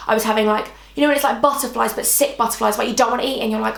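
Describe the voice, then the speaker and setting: A woman's voice: on the high side, rapid-fire, vocal fry, a bit bright. A British woman in her twenties telling a storytime vlog, emotional and chatty, full of "like" and repeated phrases. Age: 20s. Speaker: vlogger. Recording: echoey room.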